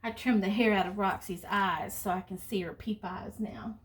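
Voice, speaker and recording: A woman's voice: medium pitch, fairly even intonation, moderate pace, recorded from a distance. A middle-aged woman chatting and telling rambling stories while she cooks in her home kitchen. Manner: chatty storyteller, rambling asides. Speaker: cooking vlogger. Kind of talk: casual chat while cooking. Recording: roomy kitchen, voice off-mic.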